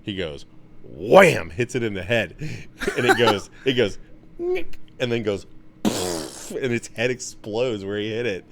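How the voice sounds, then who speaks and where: A young man in casual podcast chat, telling stories with lots of swearing and getting loud when he's excited. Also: a little slow, a little hiss or hum. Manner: animated, swears a lot, gets loud and high when excited. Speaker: podcast co-host.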